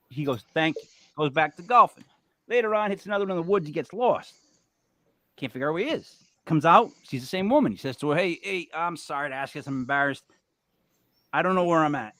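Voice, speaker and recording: A man's voice: on the high side, lively intonation, fast talker, a bit bright, a little hiss or hum. Rambling joke-telling male host. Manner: rambling joke-teller, lots of fillers. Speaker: show host. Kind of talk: joking casual chat.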